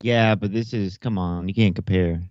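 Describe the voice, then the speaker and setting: A man's voice: low voice, fairly even intonation, normal speed, a little mellow, no room sound, lo-fi sound. A man hosting a casual livestream show, talking bluntly and emphatically with plenty of swearing. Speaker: show host.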